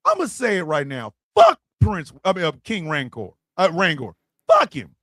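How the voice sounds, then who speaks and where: A man co-hosting a casual podcast chat, talking with lots of profanity and loudly acting out quotes. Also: high-pitched, huge pitch swings, normal speed, no room sound, studio quality. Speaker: podcast co-host.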